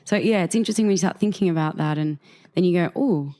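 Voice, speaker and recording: An Australian woman with a husky voice, chatting about her voice-over work in a casual interview, full of fillers. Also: fast, mellow. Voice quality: husky, low-sitting voice. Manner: thoughtful, rambling with many fillers. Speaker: voice actor guest.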